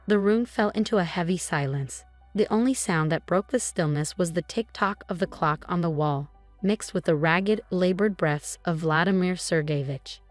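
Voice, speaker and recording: A woman reading a scripted story as narrator, with an even storytelling delivery. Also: lowish voice, normal speed, no echo, soft background music.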